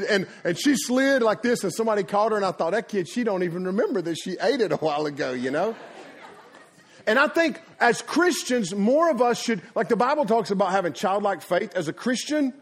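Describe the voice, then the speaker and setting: A middle-aged man preaching a sermon, folksy and animated, laughing at his own stories and acting out sounds. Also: sits high, slightly rough. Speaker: pastor. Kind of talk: energetic sermon storytelling. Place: church before a congregation.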